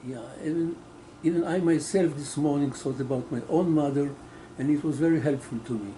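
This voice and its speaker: A man in the workshop audience asking the author probing, measured questions. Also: a little high, dark tone, slight background noise, poor audio. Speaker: workshop participant. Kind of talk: question from the floor.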